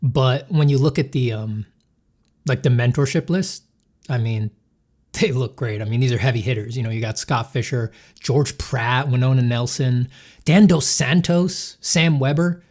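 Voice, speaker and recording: A man's voice: mid-range voice, normal speed, a little mellow. Rambling, joking man streaming. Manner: joking, rambling, self-deprecating; thanks supporters, answers chat questions. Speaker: artist streaming while drawing. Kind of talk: casual livestream chat.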